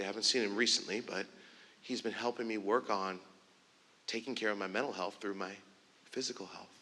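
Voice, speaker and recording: A man giving a keynote speech, telling a story in an animated way and acting out the dialogue. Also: lowish voice. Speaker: keynote speaker. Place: conference stage in a large hall. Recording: long hall reverb.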